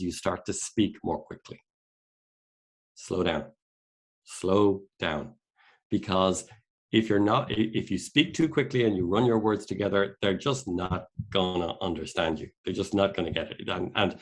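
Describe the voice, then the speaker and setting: A middle-aged Irish man, a career consultant giving a workshop talk over a video call, earnest and repeating key points for emphasis. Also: lowish voice. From Ireland.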